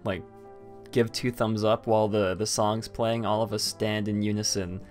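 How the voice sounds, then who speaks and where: A man's voice: lowish voice, little pitch movement, moderate pace, a little mellow, faint music behind. A man hosting a casual live stream chat, rambling with many fillers and restarts. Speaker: host.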